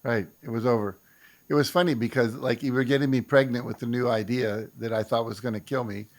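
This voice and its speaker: A man's voice: mid-range voice, steady tone, brisk. An older man hosting a conversational show, speaking reflectively and often restarting his sentences. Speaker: host. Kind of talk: casual conversation.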